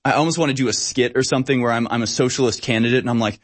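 A man's voice: medium pitch, rapid-fire. A man hosting a podcast, talking in a casual, emphatic way and repeating his points. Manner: emphatic, repetitive. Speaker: podcast host. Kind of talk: casual political chat.

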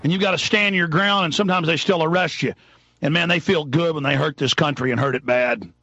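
A radio talk show host, ranting furiously and often shouting, live on air. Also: male voice, fairly high pitch, fairly quick, dry recording, highs cut off, faint music behind.

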